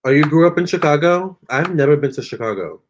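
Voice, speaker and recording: A man's voice: on the high side, expressive, fast, a little hiss or hum. A man doing a tarot reading on a live stream, answering viewer comments in a chatty, sassy way and calling them honey and girl. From Virginia. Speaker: tarot reader.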